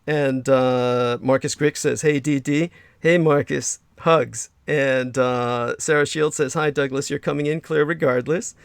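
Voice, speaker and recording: A man's voice: mid-range voice, steady tone, a little slow, vocal fry, clear, resonant tone, dry recording, studio quality. A man hosting a casual livestream, effusive and rambling with many fillers, reading chat messages aloud. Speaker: livestream host.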